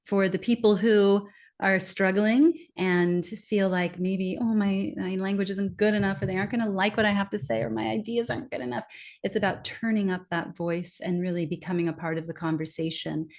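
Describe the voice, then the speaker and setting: A middle-aged woman talks through her ideas as a podcast guest. She explains steadily but brightens when she acts out what others say, and her pitch sits in a middle range. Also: moderate pace, creaky. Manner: lively, acts out quoted remarks with laughs. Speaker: guest speaker on communication.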